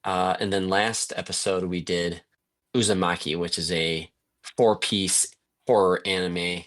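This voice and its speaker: A man's voice: deep voice, steady tone, a little slow, a bit bright. A man hosting a podcast, talking in a casual, chatty and upbeat way. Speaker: podcast host. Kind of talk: casual chat.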